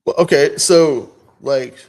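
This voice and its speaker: A man's voice: a little high, takes it slowly. A middle-aged man on a podcast, telling a profane story in casual chat, often laughing. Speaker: podcast co-host.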